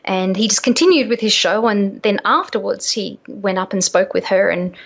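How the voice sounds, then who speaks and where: A woman's voice: medium pitch, normal speed, vocal fry, lo-fi sound. A woman, an author guest on a radio show, telling stories in a hesitant way with many fillers. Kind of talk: interview storytelling.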